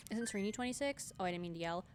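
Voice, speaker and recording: A woman's voice: medium pitch, expressive, very fast, a little hiss or hum. A woman streaming a video game, chatting casually with her viewers in a playful, teasing way. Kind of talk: casual gameplay livestream chat. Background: game music.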